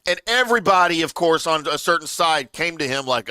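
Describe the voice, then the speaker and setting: Bright-voiced man explaining racing details. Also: on the high side, brisk, hardly any pauses, smooth, no echo. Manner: explains at length, animated storyteller. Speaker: co-host. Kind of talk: casual sports talk show chat.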